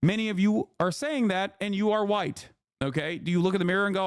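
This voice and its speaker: A man in his thirties rants to his livestream chat, swearing freely and talking down to viewers. His voice sits on the higher side for a man. The sound is dry and close, with no room echo. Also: fast, clean tone. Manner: heated, profane, lecturing chat. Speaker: streamer. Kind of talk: livestream commentary.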